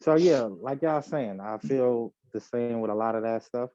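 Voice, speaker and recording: A man co-hosting a podcast, giving his take on basketball in a measured, casual way, often checking in with "right?". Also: crowd noise. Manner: measured, hedging with "right?" and "you know". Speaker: podcast co-host. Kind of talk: casual sports debate. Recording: dull low-fi home podcast audio.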